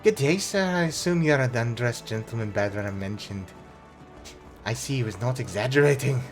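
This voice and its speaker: A man's voice: mid-range voice, expressive, moderate pace, faint music behind, natural voice. A man voicing a pompous, refined male clothier who speaks in a prissy, overly polite way. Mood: prim.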